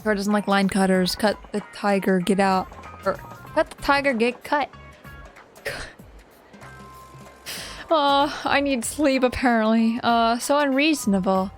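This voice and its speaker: Woman, game streamer, casual chatty commentary, animated, laughs a lot, slightly high voice. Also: measured pace, pauses often, faint music behind.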